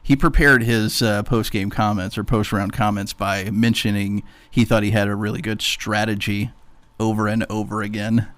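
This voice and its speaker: A man co-hosts sports radio in a low, steady voice, reading calendar items briskly and teasing his partner. The sound is dry and close, with no room around it. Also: dry recording. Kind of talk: casual sports radio chat.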